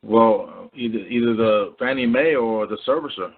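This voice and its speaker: A man's voice: fairly low pitch, creaky, slightly rough. A man calling in to a radio show, speaking hesitantly with many restarts. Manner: hesitant, halting. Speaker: caller. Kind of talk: phone-in conversation. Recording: phone-like narrow sound.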